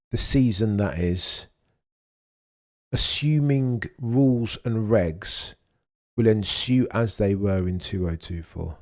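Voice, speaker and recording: A man's voice: lowish voice, darkish tone. A young man hosting a casual live watchalong stream, chatting and answering viewers' messages as he talks. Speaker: livestream host.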